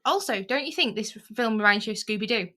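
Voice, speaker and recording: A woman's voice: a little high, expressive, quick pace, sharp tone. A woman, a podcast guest chatting casually about a film. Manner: laughs easily, conversational. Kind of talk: casual film review chat.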